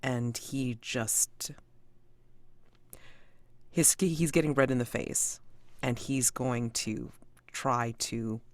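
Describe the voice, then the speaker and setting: Slow, hesitant male game player. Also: mid-range voice, dry recording. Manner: hesitant, searching for words. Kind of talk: describing his character's actions in a tabletop game.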